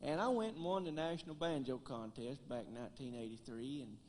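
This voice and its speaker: A man with a thick West Tennessee drawl, telling homespun jokes and stories on stage with a deadpan delivery. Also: mid-range voice, fairly quick, a little hiss or hum. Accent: West Tennessee Southern drawl. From Gleason, Tennessee. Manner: homespun, deadpan one-liners. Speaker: banjo player and comedian. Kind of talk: folksy stand-up storytelling on stage. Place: concert stage.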